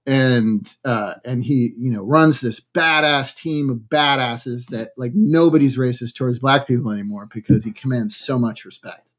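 A man's voice: mid-range voice, moderate pace, hardly any pauses. A man from Massachusetts in a casual podcast chat, musing aloud and trailing off in thought. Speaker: actor and podcast guest.

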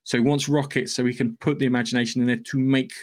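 A man talks through a film's story on a podcast, rambling and casual. He swears freely as he goes, and his voice sits at an ordinary middle pitch. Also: level tone, fast talker, a little mellow. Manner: rambling, loose and profane storytelling. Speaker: podcast host. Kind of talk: casual podcast plot recap.

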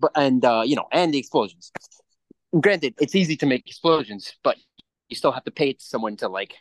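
A man's voice: medium pitch, lively intonation, brisk. A man co-hosting a podcast in casual chat, rambling and swearing freely as he acts out little quotes. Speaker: podcast co-host.

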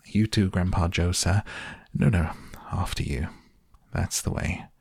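A cheerful, eccentric chocolate maker who talks briskly and with theatrical glee, in a low, gravelly voice, as a man reads him. The delivery stays close and dry. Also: no room sound, heavily acted.

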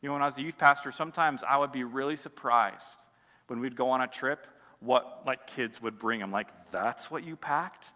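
A pastor preaching a sermon in a casual, conversational way, full of "like" fillers, swinging between loud emphasis and quiet asides. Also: male voice, mid-range voice, fairly even intonation, brisk, long reverb tail.

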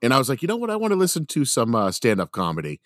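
A man's voice: mid-range voice, huge pitch swings, very fast, fairly bright tone, dry recording, studio quality. Rambling, swearing man telling a story. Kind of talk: casual chat.

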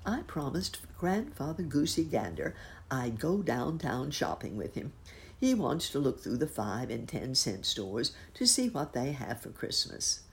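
A woman voicing a gentle, polite old rabbit gentleman in a storybook. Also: a bass voice, big pitch swings, unhurried, exaggerated voice.

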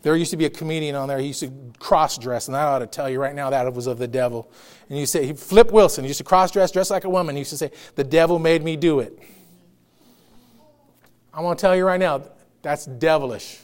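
High-voiced man preaching a sermon. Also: fairly quick. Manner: emphatic preaching with repeated phrases and call-and-response. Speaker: pastor.

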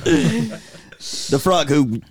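A man's voice: sits high, big pitch swings, very slow, crowd noise. A man co-hosting a comedy chat, tossing in dry, crude one-liners. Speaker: podcast co-host.

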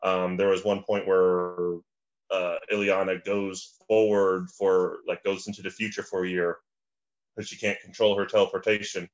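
A man's voice: deep voice, little pitch movement, moderate pace. A man chatting casually as a podcast guest, rambling with lots of restarts and fillers. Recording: slightly dull lo-fi audio.

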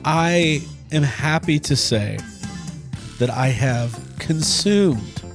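A man's voice: on the high side, expressive, drawn-out words, over music. A man guest co-hosting a podcast, talking enthusiastically in a rambling, casual way. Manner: enthusiastic, rambling, restarts mid-thought. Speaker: guest co-host. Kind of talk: casual chat.

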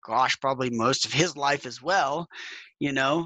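A man hosting a podcast, friendly and halting, restarting his sentences often. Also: medium pitch, bright, forceful tone, dry recording. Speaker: podcast host. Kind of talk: casual interview chat.

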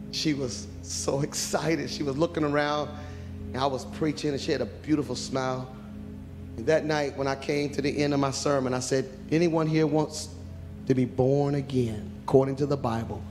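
A man preaching a sermon who swings from hushed pleading to loud cries, prays aloud and tells stories from his ministry. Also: mid-range voice, long reverb tail.

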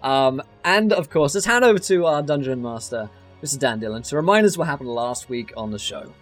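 A man's voice: mid-range voice, expressive, fairly quick, faint music behind. A man hosting a tabletop game stream, reading sponsor notes in a chatty way, laughing often and tripping over his words. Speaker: host and player. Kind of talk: casual sponsor read on a live stream.

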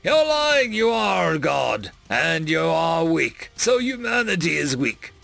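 A man's voice: fairly high pitch, sing-song, slow pace, vocal fry, fairly bright tone, faint music behind, pitched above the performer's own voice, heavily acted. A man voicing an alien male official who judges civilizations' gods, speaking bluntly and demandingly in a storybook reading.

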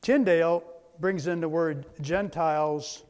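A man's voice: fairly high pitch, a little slow, darkish tone. A man giving a slide presentation lecture, methodical, spelling out words letter by letter. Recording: long hall reverb.

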